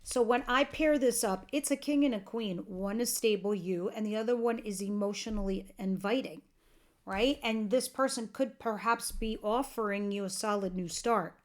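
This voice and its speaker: A woman's voice: medium pitch, moderate pace. A woman giving a tarot reading to camera, chatty and earnest, talking straight to her viewers, a bit tired and yawning. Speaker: tarot reader.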